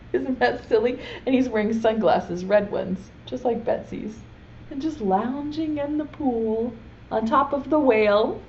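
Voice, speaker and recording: A woman preschool teacher reading a picture book and teaching, gently asking the children questions. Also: on the high side, highs cut off.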